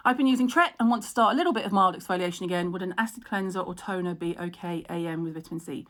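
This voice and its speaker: Middle-aged woman, skincare host, slightly low voice, candid and chatty with a quick laugh. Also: fairly bright tone. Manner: chatty, frank and self-mocking, laughs a lot; reads out and answers viewer comments. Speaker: skincare expert hosting a live stream. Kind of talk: casual live-stream chat.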